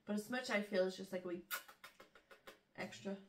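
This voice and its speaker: A woman's voice: medium pitch, moderate pace. A woman co-hosting a podcast, chatting in a playful, giggly way. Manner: giggly, playful, jumps between words. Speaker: podcast co-host. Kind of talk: casual chat. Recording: echoey room, distant mic.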